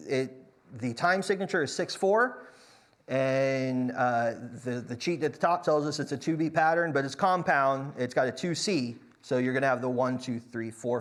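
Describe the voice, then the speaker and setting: A man teaching a church song leading class, counting beats aloud with frequent restarts. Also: on the high side. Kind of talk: church music class lecture.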